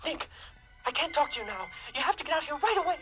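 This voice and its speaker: An actress playing the hero's melodramatic old flame in a comedy radio play, with a breathy, gushing delivery. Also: female voice, sits high, sing-song, fast, music in the background. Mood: urgent. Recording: noisy old radio recording.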